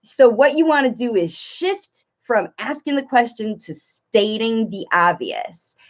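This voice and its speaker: A woman speech therapist and parent coach giving live Q&A advice, talking in an animated way and breaking into playful sing-song examples. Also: a little high, measured pace. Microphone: live stream. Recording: dull lo-fi livestream audio.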